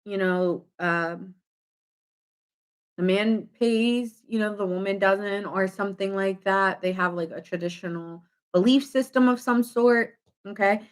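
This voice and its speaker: In a mid-range voice, a touch slow, a woman gives a casual tarot reading. She's chatty and animated, full of fillers, and acts out little quoted reactions.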